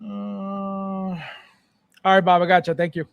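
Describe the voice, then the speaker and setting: A man with a high-pitched voice and vocal fry hosts a live collector show as a podcast host, speaking slowly and flatly while he rants in exasperation and repeats himself answering the chat. The recording is muffled, with no room sound.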